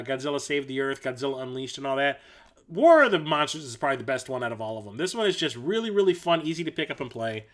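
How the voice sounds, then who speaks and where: A man's voice: fairly high pitch, fairly bright tone. A man hosting a casual livestream, rambling enthusiastically through his collection with fillers, self-corrections and blunt, mildly profane remarks. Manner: blunt and casual, with mild swearing. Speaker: livestream host showing his game collection.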